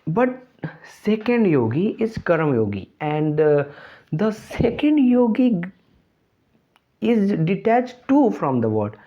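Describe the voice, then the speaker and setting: A young man with an Indian English accent giving a reflective spoken monologue, halting and earnest as he searches for words. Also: a little high, vocal fry, dark tone. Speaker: channel host. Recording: dull lo-fi recording.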